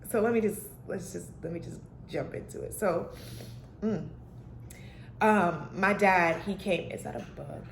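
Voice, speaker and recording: Alone in a room at home with plants and a dog, a woman vlogger on healing and mental health talks candidly to her own camera in a rambling, heartfelt, casual way, with lots of fillers. Her voice is mid-range, and the self-recorded audio sounds reverberant with a little hiss or hum.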